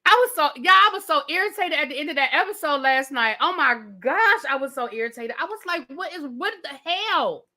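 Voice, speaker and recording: A woman with a high, bright voice delivers a live TV review as a heated rant. She swears freely and hammers her points through repetition. She talks slangily, calling her viewers y'all and baby. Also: lively intonation, fast talker, few pauses. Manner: heated, profane, repetitive ranting. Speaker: TV show reviewer.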